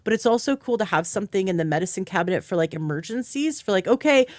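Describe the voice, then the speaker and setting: A woman's voice: medium pitch, lively intonation, fast, dry recording, studio quality. A woman hosting a podcast as a health coach, talking in an enthusiastic, chatty way. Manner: enthusiastic, chatty, acts out quoted speech. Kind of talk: casual interview chat.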